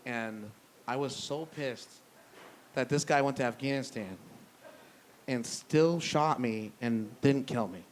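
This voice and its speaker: A young man telling a profane stand-up story on a brewery stage, loose and conversational, dropping low for punchlines. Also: takes it slowly, long pauses, slight background noise. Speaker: stand-up comedian. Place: brewery stage before a live audience.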